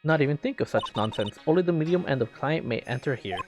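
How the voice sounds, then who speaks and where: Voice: medium pitch, expressive, fast talker, close to an everyday voice. A player reading game dialogue aloud, voicing a stern, formal older woman spirit medium over game music. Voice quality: stiff, overly formal phrasing.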